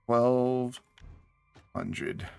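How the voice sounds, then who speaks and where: A man's voice: mid-range voice, drawn-out words, creaky, clear, resonant tone, soft background music. A man casually chatting to his viewers while playing a game on a live stream, sounding tired and yawning. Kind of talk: casual live gameplay chat.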